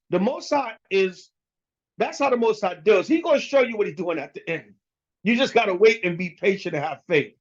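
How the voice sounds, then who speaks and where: A man preaching a casual, slangy scripture lesson, blunt and emphatic, talking straight to his listeners. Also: sits high. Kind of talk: casual street-style sermon. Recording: dull lo-fi recording.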